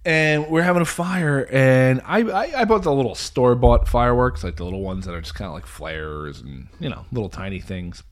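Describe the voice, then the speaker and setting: A man in casual chat, telling a story with lots of laughter and quick shifts. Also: medium pitch, lively intonation.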